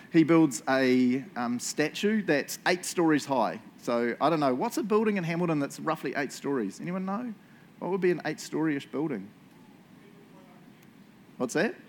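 Bible study leader, man, slightly high pitch, casual and joking, quizzes the room; faint background hum. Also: lively intonation, a little fast. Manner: chatty, jokey, asks the room questions. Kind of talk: casual Bible teaching to a group. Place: indoor room with a group.

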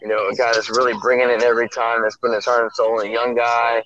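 A man's voice: medium pitch, little pitch movement, quick pace, fairly bright tone. A man co-hosting a podcast in casual chat, rambling with lots of fillers, calling in from a noisy public place. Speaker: podcast co-host. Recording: dull lo-fi audio over a noisy crowd.

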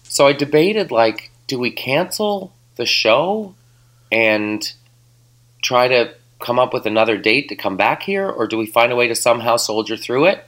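Man, podcast co-host, raspy, hoarse, bright tone, laid-back rambling. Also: medium pitch, normal speed. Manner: relaxed storytelling, many fillers. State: hoarse, recovering voice. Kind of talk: casual chat recapping a tour. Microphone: headset mic.

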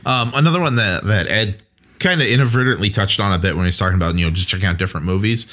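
Lower-voiced man explaining casually. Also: racing, fairly bright tone. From United States. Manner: explanatory, repeats words when starting. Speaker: podcast co-host. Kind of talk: casual chat about running tabletop games.

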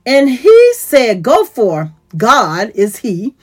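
Slow-speaking woman teaching from scripture. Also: breathy edge, faint music behind. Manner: reads scripture aloud then retells it in plain words; voice rises in pitch when excited. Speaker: teacher of a church series. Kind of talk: Bible teaching.

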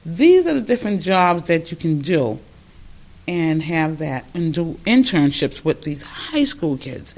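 An older man who runs a museum, telling stories in an animated, rambling way with many restarts during an interview. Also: on the high side, gravelly. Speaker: museum founder. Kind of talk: conversational interview.

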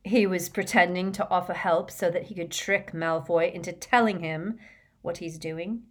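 A woman's voice: fairly low pitch, steady tone, normal speed, natural voice. A woman voicing an earnest, serious teenage boy in an audiobook, speaking plainly. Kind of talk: audiobook character voice.

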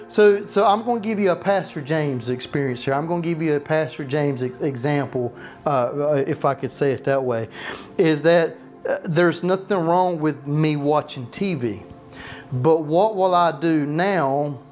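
Passionate pastor preaching. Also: male voice, a little high, darkish tone. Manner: passionate, repetitive restarts, rhetorical questions. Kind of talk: sermon. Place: church.

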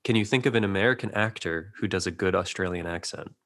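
A man with a fairly low voice hosts a casual interview. He rambles and hesitates, laughing often between his questions. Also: fast talker, a bit bright. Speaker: podcast host.

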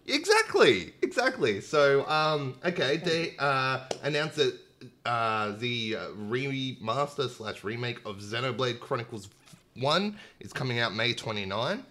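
A man's voice: mid-range voice, unhurried, pushed and bright. A man hosting a gaming podcast, chatting casually and enthusiastically with lots of fillers. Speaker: podcast host. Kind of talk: casual chat. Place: home, streamed online. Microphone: internet stream with dropouts.

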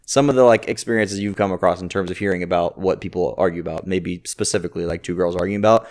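A man's voice: deep voice, steady tone, quick pace, darkish tone. A man co-hosting a casual podcast chat, rambling through his thoughts with a lot of "like". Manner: rambling, heavy use of filler "like". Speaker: podcast co-host.

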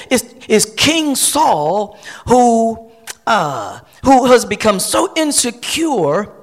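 A male pastor delivering a sermon, repeating phrases as he builds. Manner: preaching with sweeping pitch swings and repetitions.

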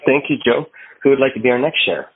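A man's voice: medium pitch, animated, quick pace. A man hosting a phone meeting, telling an earnest personal recovery story and acting out his own thoughts. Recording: tinny phone line.

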